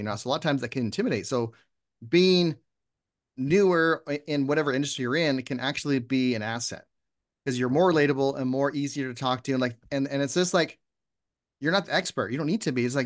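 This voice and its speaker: A man talking as a guest in a casual interview, lively and often acting out example posts. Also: medium pitch, fast talker. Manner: animated, acts out sample posts in voices. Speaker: podcast guest.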